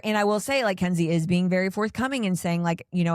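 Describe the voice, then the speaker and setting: A woman with a lowish voice talks at a quick pace in clean studio sound with no room noise. As a podcast host recapping reality TV, she rants in an exasperated, opinionated, rambling way, full of "like" and "I don't know."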